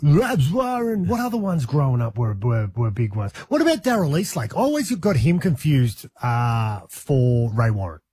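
A man's voice: medium pitch, sing-song, normal speed, few pauses, darkish tone, slightly rough, no echo. A man with an Australian accent hosting breakfast radio, full of playful, teasing banter. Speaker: radio host.

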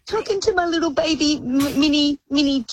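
A woman's voice: sits high, fairly quick, heavy background noise. A woman calling in to a radio show, talking in a cooing, sing-song baby voice. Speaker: caller. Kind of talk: phone-in talk, cooing baby voice.

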